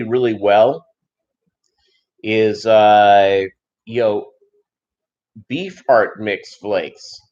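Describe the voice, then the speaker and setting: A man's voice: lowish voice, a little mellow. A man hosting a fish-keeping channel, chatting casually and rambling with many fillers on a live stream. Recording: dull lo-fi sound.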